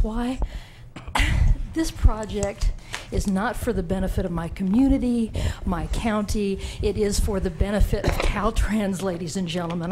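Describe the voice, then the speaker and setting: A woman's voice: medium pitch, background noise. A woman giving an emotional, indignant public comment at a county board meeting.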